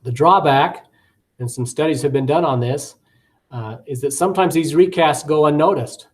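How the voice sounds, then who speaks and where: A man's voice: a little high, normal speed. A man giving recorded course commentary as a teacher educator, talking conversationally with frequent fillers, repeated words and acted classroom examples.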